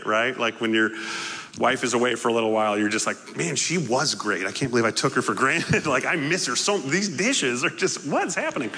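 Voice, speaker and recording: A middle-aged man preaching a sermon as a pastor, animated and joking as he tells stories from his family life. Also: on the high side. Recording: echoey hall reverb.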